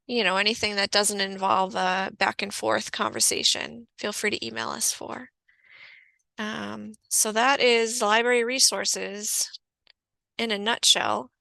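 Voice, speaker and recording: A woman's voice: medium pitch, fairly even intonation, a little slow, creaky, sharp tone, no echo. A woman librarian giving a casual online orientation over a video call, chatty with many fillers. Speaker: college librarian.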